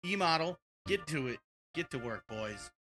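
Excited man reacting to videos. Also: a little high, moderate pace. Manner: excited, joking, says dude a lot. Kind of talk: casual reaction chat. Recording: music playing behind.

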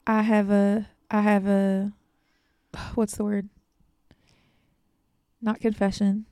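A woman's voice: medium pitch, flat delivery, takes it slowly, warm tone, clean tone, no echo, clean studio sound. A young woman from Louisiana co-hosting a podcast, teasing and laid-back as she chats casually over a video call. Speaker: podcast co-host.

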